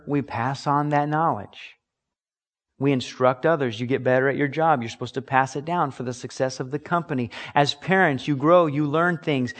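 A man preaching a sermon as pastor, earnest and emphatic, acting out little examples. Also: fairly high pitch.

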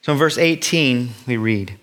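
A middle-aged male pastor preaching a sermon, animated and acting out the voices of the people he describes. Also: medium pitch, a little slow.

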